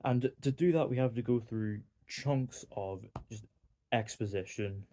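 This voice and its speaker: Northern Irish man, mellow rambling review. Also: on the low side, a little slow, a little hiss or hum. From Northern Ireland. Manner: rambling, many "like" fillers, wry. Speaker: film reviewer. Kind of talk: casual spoken movie review.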